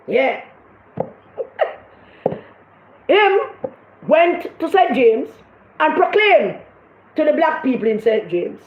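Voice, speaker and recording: High-voiced jamaican lady ranting about politics, scolding, echoey dull room sound. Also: big pitch swings, slow, long pauses. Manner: fiery, scolding, rhetorical questions. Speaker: political commentator. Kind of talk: impassioned political commentary.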